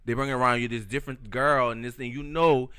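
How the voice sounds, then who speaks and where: A man's voice: mid-range voice, steady tone, a little fast, clean tone. A man co-hosting a podcast, speaking casually and candidly, hedging his thoughts with "you know" and "I think.". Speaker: podcast co-host. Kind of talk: casual chat. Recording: loud music playing behind.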